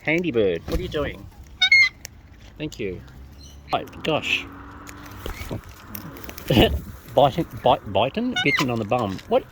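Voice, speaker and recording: With a rumbling low voice, big pitch swings, a slow pace, and long pauses, a woman coos baby-talk to wild birds while feeding them. She films them outside among the birds, and the recording is noisy.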